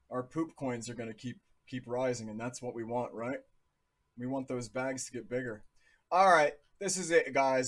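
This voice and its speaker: A man in his thirties from New Jersey, casually talking through charts on a live stream in a chatty, jokey way. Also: mid-range voice. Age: 30s. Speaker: crypto livestream host.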